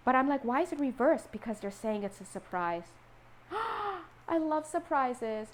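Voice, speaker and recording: Brief: woman tarot reader, lively and chatty, slips into voices for the people she quotes, faint noise behind her. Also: fairly high pitch, rough recording. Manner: animated, acts out quoted voices. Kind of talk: casual tarot reading.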